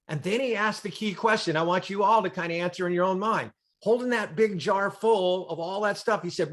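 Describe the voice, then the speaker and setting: High-voiced male motivational storyteller. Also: brisk, hardly any pauses, a bit bright. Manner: dramatic storyteller, repetitive emphatic phrasing. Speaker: motivational speaker. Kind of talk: storytelling keynote on a group call. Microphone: video call.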